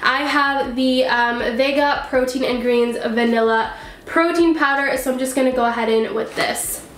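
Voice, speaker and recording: Upbeat woman cooking-channel host, high voice, congested and nasal from a cold, chatty with fillers, in a roomy, echoing kitchen. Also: fairly even intonation, normal speed, a little hiss or hum. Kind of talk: casual chatty vlog. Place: home kitchen. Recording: echoey kitchen.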